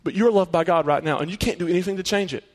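A man's voice: high-pitched, very fast, in a large hall. A man preaching a sermon in an earnest, conversational way, often putting rhetorical questions to his listeners. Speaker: pastor.

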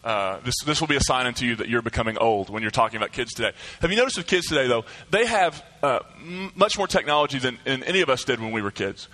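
Bright-voiced pastor with a slight lisp. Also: male voice, medium pitch, lively intonation, low-quality recording. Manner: casual, joking, deliberate pace. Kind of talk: sermon with announcements and prayer.

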